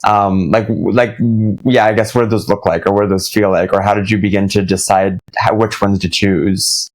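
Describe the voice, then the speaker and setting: A man with a low voice hosts an interview. He asks curious, thoughtful questions and gropes for words with plenty of fillers. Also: fairly even intonation, moderate pace. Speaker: host.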